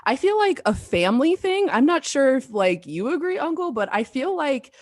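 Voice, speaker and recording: A woman from Colorado, a returning guest who works as an esthetician, chatting in a relaxed way with frequent laughs and lots of fillers. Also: high-pitched, moderate pace, dry recording, studio quality. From Colorado, USA. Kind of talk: casual podcast conversation.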